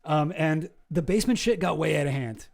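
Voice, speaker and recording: Mellow-voiced man ranting casually. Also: a little high, animated, brisk, creaky. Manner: rambling and exasperated, swears freely. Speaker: streamer reacting to a video. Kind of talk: casual commentary.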